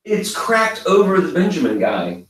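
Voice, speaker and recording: A man hosting a live ghost hunt, calling softly and coaxingly to a spirit in a large old hotel room. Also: high-pitched, sing-song, a little slow, distant mic. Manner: hushed, coaxing calls to a spirit. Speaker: paranormal event host. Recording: very echoey room, voice from afar.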